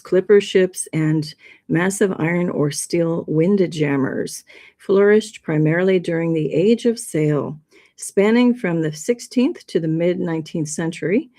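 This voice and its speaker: This livestream host has a mellow, fairly low voice and keeps things casual. Her presentation wanders a bit as she chats and laughs often.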